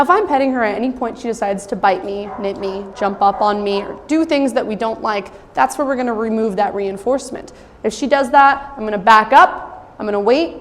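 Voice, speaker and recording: A young adult woman dog trainer giving an instructional demonstration, explaining calmly with occasional high-pitched praise for a puppy. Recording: long reverb with faint ambient noise.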